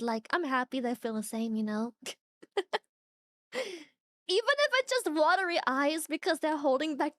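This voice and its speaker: A young woman with a high voice chats with her stream viewers in a lively, unfiltered way. She swears freely and breaks into laughter often. The sound is close and dry. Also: no room sound. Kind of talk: casual chat reacting to viewers.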